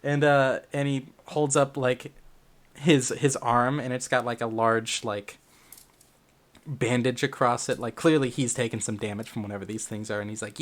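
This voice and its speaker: A man's voice: mid-range voice, steady tone, moderate pace. Casual, swearing young man as game master. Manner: casual, profane, filler-heavy storytelling. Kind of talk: narrating a tabletop game.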